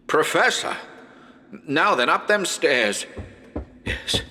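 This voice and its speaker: A man narrating a haunted house horror story as a dramatic performance, talking chattily to listeners with sudden shouted calls. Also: fairly high pitch, sing-song, takes it slowly, pauses often.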